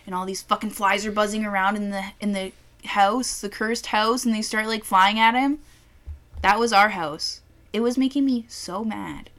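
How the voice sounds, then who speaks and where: A young woman chatting loosely over a beer tasting. She swears freely and slips into little voices for the people in her stories, at an ordinary middle pitch. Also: normal speed, fairly bright tone. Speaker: co-host. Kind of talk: casual chat, beer tasting.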